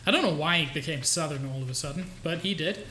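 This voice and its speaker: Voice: medium pitch, quick pace, pushed and bright, reverberant, slight background noise. A game streamer chatting casually while playing and thanking viewers by name. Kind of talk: casual gameplay stream chat.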